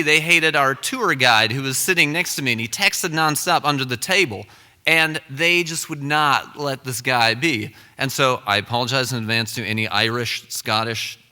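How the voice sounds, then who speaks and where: A man's voice: mid-range voice, moderate pace, sharp tone, long reverb tail. A young man telling a comic, self-deprecating story live on stage.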